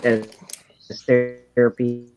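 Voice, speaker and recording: A woman's voice: rumbling low, completely flat delivery, very slow, a little mellow, smooth, soft background music. A woman artist chatting casually on a livestream, folksy and self-deprecating. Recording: dry, dull lo-fi stream audio.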